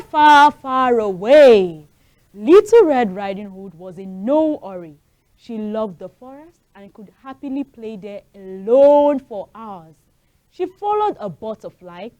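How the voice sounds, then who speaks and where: A woman hosting a children's show, telling a fairy tale and talking to the kids directly in an animated way. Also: medium pitch, dry recording, low-quality recording. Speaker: storyteller host of a children's show. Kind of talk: storytelling for children.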